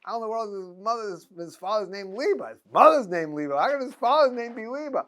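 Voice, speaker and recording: Animated middle-aged rabbi, chuckling storyteller. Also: male voice, high voice, fast. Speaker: rabbi teaching a class. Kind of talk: informal lecture with anecdotes.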